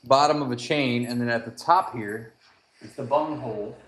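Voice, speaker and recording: A man's voice: medium pitch, normal speed, a bit bright, husky. Casual man rambling on a livestream. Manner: loose, joking, rambling. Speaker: whiskey livestream host. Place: home, moving to a garage. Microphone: handheld phone.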